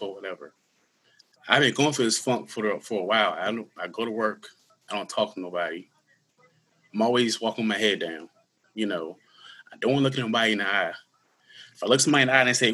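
A man in his thirties telling his personal story in an interview, earnest and candid, with halting restarts. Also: lowish voice, bright, forceful tone, breathy edge. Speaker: guest; school security worker.

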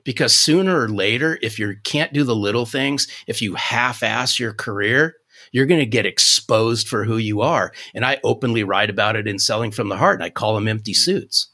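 A man in his fifties, a sales coach guest on a podcast, telling a story in an animated, folksy way. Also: on the low side, normal speed. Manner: animated, restarts sentences, folksy.

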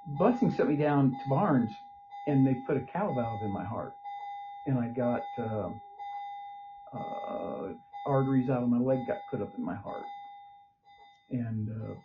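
A man's voice: medium pitch, animated, measured pace, pauses often. Older man, winded patient, plain-spoken rambler; muffled lo-fi hospital-room recording. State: short of breath. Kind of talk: casual conversation. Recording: dull lo-fi recording with faint noise.

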